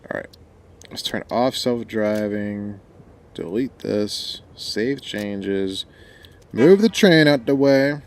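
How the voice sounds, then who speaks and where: A young man, slightly mellow and lowish-voiced, talks slowly with stream viewers while playing a game at his desk microphone. His mild rural country accent comes through as he rambles, jokes, and trails off, over a little hiss or hum.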